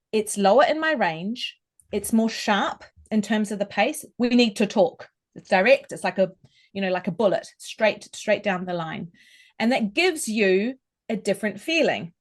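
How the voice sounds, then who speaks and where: A woman talks as a vocal coach in a podcast interview. She explains clearly and carefully, and she shows each point by demonstrating how a voice can sound. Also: mid-range voice. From New Zealand. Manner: articulate, instructive, demonstrates vocal tones.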